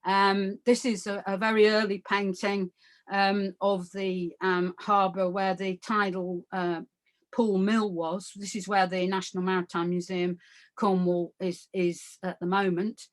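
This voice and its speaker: A woman's voice: mid-range voice, level tone, a little slow. A woman giving an art history lecture in a conversational way, full of fillers and asides, often checking in with her listeners. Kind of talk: illustrated lecture.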